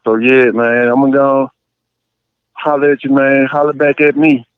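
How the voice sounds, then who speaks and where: A man calling into a podcast, telling stories in an animated, emphatic way. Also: mid-range voice, moderate pace, clear, resonant tone, no room sound. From Champaign, Illinois area. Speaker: caller. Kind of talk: casual call-in chat. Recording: tinny dry phone line.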